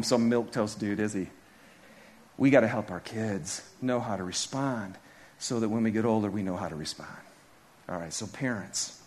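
A man in his thirties preaching a sermon as a pastor, telling stories with his voice rising high and dropping low. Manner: animated storytelling, voice rising and dropping sharply.

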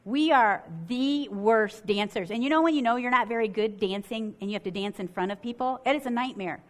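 A middle-aged woman from Michigan preaching a sermon, telling a story in an animated way and acting out what people said. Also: fairly high pitch, brisk. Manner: animated, acts out quotes with swings in loudness.

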